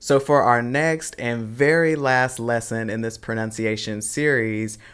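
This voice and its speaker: A man's voice: medium pitch, a bit bright, smooth. A man closing an online language lesson, wrapping up and sliding a few foreign words into his talk. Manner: upbeat lesson wrap-up, mixing in words of another language. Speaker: language teacher.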